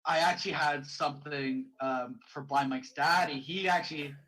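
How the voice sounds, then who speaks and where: A man's voice: a little high, normal speed, bright, forceful tone, poor audio. A man co-hosting a casual podcast chat, rambling with many fillers and restarts. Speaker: podcast co-host.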